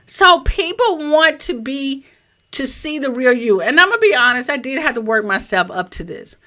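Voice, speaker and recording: A woman with a Southern US accent, a business coach in her home office, teaching in a chatty, animated way straight to her viewers over a webcam mic. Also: normal speed. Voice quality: a little high-pitched. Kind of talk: live-streamed teaching presentation.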